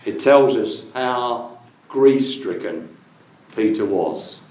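Slow earnest preacher in an echoey room. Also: male voice, mid-range voice, expressive, darkish tone. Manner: earnest, poses searching questions to listeners. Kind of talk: sermon. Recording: very echoey room, voice from far off the mic.

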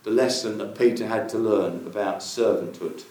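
A man with a fairly low, darkish voice preaches a sermon at a moderate pace, earnestly putting searching questions to his listeners. He sounds far from the mic in a very echoey room.

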